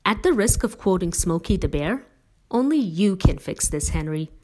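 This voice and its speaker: A woman voicing a devoted middle-aged mother who speaks emphatically and persuasively, with gentle teasing. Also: lowish voice, expressive, moderate pace. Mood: firm.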